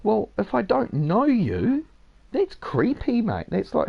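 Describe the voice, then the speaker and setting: A man's voice: high-pitched, huge pitch swings, slow, gravelly. A man streaming a game, casually lecturing his listener in a rambling, swearing way with lots of "mate". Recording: dull lo-fi sound.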